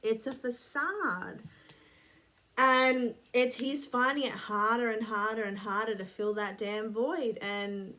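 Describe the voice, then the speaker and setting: A woman's voice: a little high, fairly even intonation, unhurried, few pauses, sharp tone. Sweary chatty woman vlogger. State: sniffly. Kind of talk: casual rambling chat to camera.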